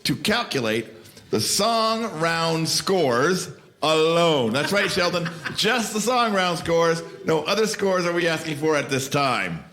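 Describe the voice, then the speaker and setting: A man hosting a comedy quiz with theatrical, flowery patter and booming shouted introductions. His voice sits high and bright, swinging widely in pitch, with a sharp, forceful edge. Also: animated, takes it slowly.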